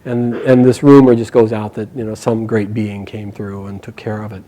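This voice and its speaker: A man telling a myth aloud to a live group, animated and chuckling along with the story. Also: on the low side, moderate pace, rough recording.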